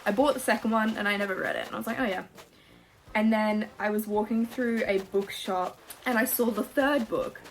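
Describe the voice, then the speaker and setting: A young Australian woman in her twenties chatting casually through a Q&A while she plays a game, gushing and animated, full of fillers and swearing. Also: mid-range voice, a little fast. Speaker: YouTuber. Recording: music playing behind.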